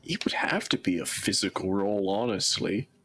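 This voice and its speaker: A man narrating and refereeing a tabletop role-playing game, talking in a relaxed, halting way and laughing often. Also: fairly low pitch, soft background music. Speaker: storyteller.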